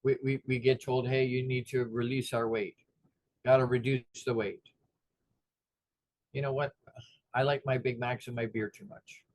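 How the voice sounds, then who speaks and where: Animated man giving a motivational talk. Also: medium pitch, no echo. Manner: animated, acts out the voices of people in his stories. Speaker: motivational speaker.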